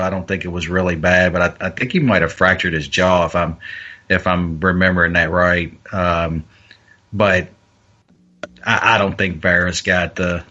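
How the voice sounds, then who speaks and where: A man's voice: deep voice, sharp tone, muffled recording. A man co-hosting a podcast, chatting casually about fights and bets, often restarting and repeating his words. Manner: hesitant, many restarts and stammered repeats. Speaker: podcast co-host. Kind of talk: casual MMA betting talk.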